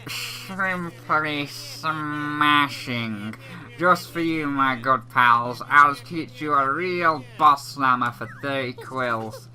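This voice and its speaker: A man doing a slow-drawling snake salesman. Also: fairly high pitch, bright, forceful tone, heavily acted, rough recording. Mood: salesy. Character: scheming snake salesman, smooth and businesslike.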